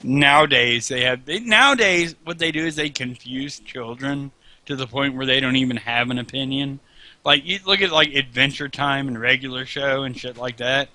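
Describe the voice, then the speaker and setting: A man's voice: mid-range voice, normal speed, sharp tone, dry recording. A man chatting casually over a game, joking and swearing as he rambles. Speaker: host. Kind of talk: casual chat over gameplay.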